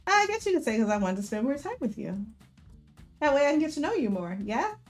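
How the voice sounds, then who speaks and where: A woman's voice: high voice, big pitch swings, fairly quick, soft background music. Woman reading as a teasing male boss. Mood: flirty. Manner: teasing, playful. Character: smooth flirtatious male restaurant boss.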